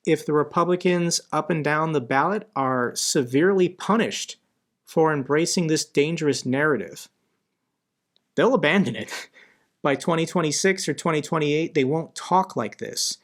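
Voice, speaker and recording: Male host, slightly high voice, emphatic Q&A commentary. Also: normal speed. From United States. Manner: emphatic, repeats phrases for stress. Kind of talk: Q&A commentary, reading viewer questions.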